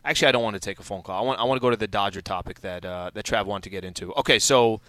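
A man hosting a sports talk show, arguing his points in animated casual talk. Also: on the low side, very fast, no echo. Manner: animated, argues basketball points. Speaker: host.

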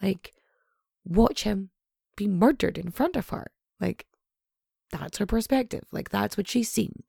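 A woman's voice: medium pitch, unhurried, creaky, pauses often, dark tone, breathy edge, no echo, clean studio sound. A young woman casually retelling a true crime story, sweary and sarcastic, with lots of asides.

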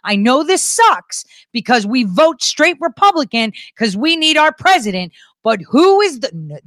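A woman's voice: fairly high pitch, fairly bright tone, dry recording. Ranting woman with a dry sound. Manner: ranting, emphatic, repetitive; crude, profane asides. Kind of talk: political commentary monologue.

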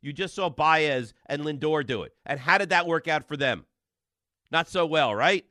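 A man hosting a sports talk radio call-in show, talking fast and arguing loudly with callers. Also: fairly high pitch, dry recording, clean studio sound. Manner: animated, loud and combative with callers.

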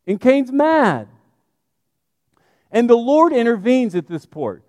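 Animated high-voiced male preacher. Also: slow pace, pauses often, no echo, in a large hall. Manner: animated, conversational, addressing the congregation. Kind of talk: sermon.

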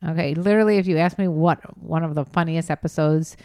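A woman's voice: low-pitched, fairly even intonation, fast talker, dark tone, no echo. A woman co-hosting a podcast, chatting casually, laughing often and reading listener messages aloud. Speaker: podcast co-host. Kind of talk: casual chat.

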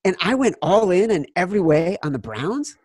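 A man in his forties, a podcast co-host telling a sports betting story and loudly acting out quotes. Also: high-pitched, big pitch swings, fairly quick, no echo, clean studio sound. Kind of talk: casual sports betting chat.

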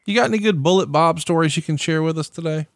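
A man hosting an interview, asking his guest a question in a brisk, rehearsed way. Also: a little high, slight background noise. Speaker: interview host.

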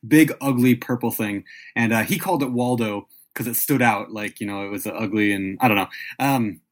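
Husky-voiced podcast host. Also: male voice, on the low side, normal speed. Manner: rambling, self-interrupting, laughs often. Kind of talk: casual podcast chat.

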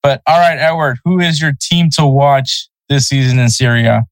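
A man's voice: medium pitch, normal speed, no room sound, poor audio. Chatty man, dry close sound. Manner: loose and chatty, laughs at his own pronunciation slips. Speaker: podcast co-host. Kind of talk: casual sports podcast chat.

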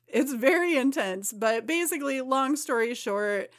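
A woman co-hosting a podcast, giving a lively, laughing recap of a comic storyline in casual chat. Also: high voice, unhurried. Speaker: podcast co-host.

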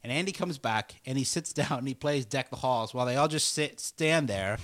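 A man's voice: mid-range voice, a little fast, fairly bright tone, no echo, studio quality. A man co-hosting a podcast, chatting casually and retelling scenes with laughs. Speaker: podcast co-host. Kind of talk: casual chat.

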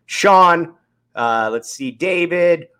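A sports podcast host with a raspy, worn voice that sits a bit higher than most men's. He rambles along in a loose, upbeat manner, talking off the cuff. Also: expressive, very slow, sharp tone. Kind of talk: casual sports talk, live show sign-off.

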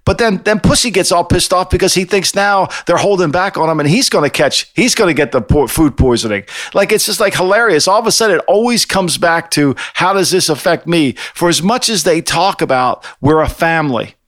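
A man's voice: high voice, lively intonation, brisk, few pauses, a bit bright, no echo, clean studio sound. An older man on a podcast, chatting casually in a rambling, profane way with many restarts. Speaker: podcast co-host. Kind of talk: casual chat.

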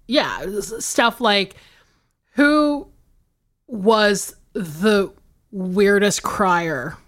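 Lively, swearing woman podcast co-host. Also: medium pitch, drawn-out words. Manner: animated, swearing, laughing often. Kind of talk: casual chat.

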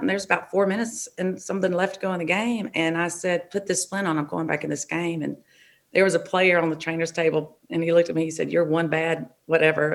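A middle-aged woman, a football official, telling stories in a relaxed, frank way in an interview. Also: fairly low pitch, vocal fry. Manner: relaxed, frank anecdotal telling with short restarts. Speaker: NFL official, interview guest. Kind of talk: conversational interview storytelling.

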